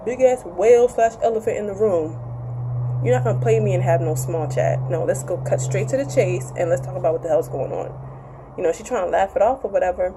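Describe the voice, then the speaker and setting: A woman's voice: mid-range voice, warm tone, a little hiss or hum, poor audio. A woman giving a casual, candid TV episode recap, chatty and profane, with playful acted quotes. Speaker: TV show reviewer.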